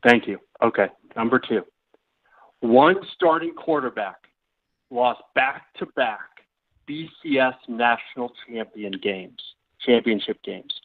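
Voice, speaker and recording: A man's voice: medium pitch, takes it slowly. A man calling in to a talk show, playfully using folksy old-timey Southern sayings while he quizzes the host. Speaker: caller. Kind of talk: phone-in call. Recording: tinny phone line.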